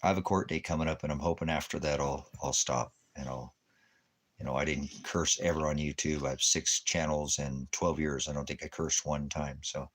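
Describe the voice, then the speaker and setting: A man's voice: rumbling low, steady tone, normal speed. A man hosting a casual livestream, rambling and preachy and often cursing, now and then cooing at his dog. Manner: baby talk to his dog. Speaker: YouTube channel host.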